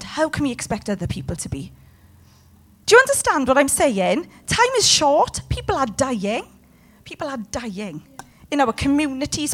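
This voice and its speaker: A woman preaching a sermon with passion, putting questions to her congregation. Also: a little high. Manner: impassioned, talks to the room with questions.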